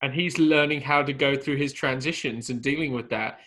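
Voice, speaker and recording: A man's voice: mid-range voice, normal speed, a bit bright. A man talking enthusiastically about a movie character on a podcast, often trailing off mid-thought. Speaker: podcast co-host. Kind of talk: casual movie-review chat.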